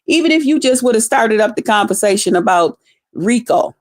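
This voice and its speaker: A woman's voice: fairly high pitch, animated, fairly quick, dry recording, clean studio sound. A middle-aged woman giving blunt, profane livestream commentary, laughing often and greeting chat viewers by name.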